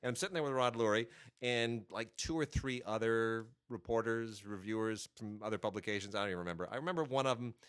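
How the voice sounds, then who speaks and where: Man telling a lively anecdote. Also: fairly low pitch, fast talker, clean tone. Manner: lively anecdotal storytelling with laughs and mimicry. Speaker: podcast co-host, film critic. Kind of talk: casual chat.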